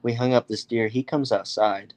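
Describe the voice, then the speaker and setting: A young man from the United States telling a story casually, animated, with many fillers and acted-out quotes. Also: medium pitch, moderate pace. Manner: animated, acts out others' voices, many fillers. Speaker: guest storyteller.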